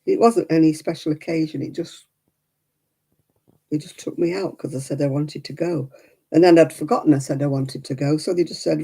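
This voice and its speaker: A woman's voice: low voice, fairly even intonation, a little fast, warm tone, breathy edge. A middle-aged woman chatting casually while knitting on a crafting livestream, cooing baby talk to her dog in between.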